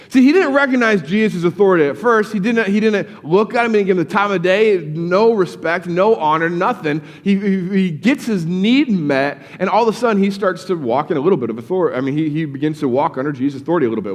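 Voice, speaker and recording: A man's voice: high-pitched, lively intonation, brisk, long reverb tail. A male pastor giving a casual, conversational sermon in a church, often repeating words as he starts sentences. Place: church sanctuary.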